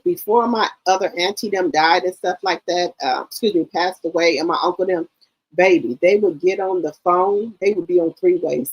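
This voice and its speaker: A middle-aged woman hosting a livestream, chatting in a casual, animated storytelling way and calling her listeners baby and girl. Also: on the low side, husky, poor audio. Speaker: livestream host.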